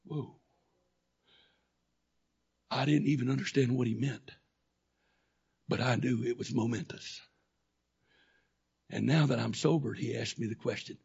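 A man preaching a sermon, telling a personal story that swings from quiet, low talk to loud, shouting intensity. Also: steady tone, a little slow, gravelly, long pauses, slightly rough, lo-fi sound.

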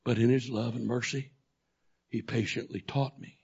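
A man preaching a sermon, telling a personal story that swings from quiet, low talk to loud, shouting intensity. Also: fairly even intonation, normal speed, vocal fry, husky, muffled recording.

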